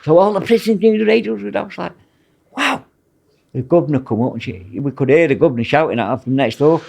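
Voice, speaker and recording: This Mancunian man, once a prison officer, talks fast in a fairly high, creaky, slightly mellow voice. As a podcast guest from Manchester, England, he rambles through blunt anecdotes in a casual storytelling interview.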